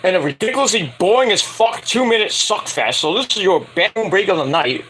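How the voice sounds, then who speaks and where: A man's voice: high voice, expressive, fairly quick, fairly bright tone, a little hiss or hum, poor audio. A man giving a casual, crude and opinionated wrestling review, swearing freely.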